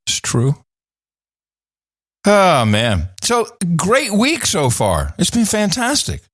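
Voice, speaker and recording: A middle-aged man co-hosting a podcast, telling stories in lively casual chat with many restarts. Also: high-pitched, slow, dry recording, studio quality. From Netherlands. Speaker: podcast co-host.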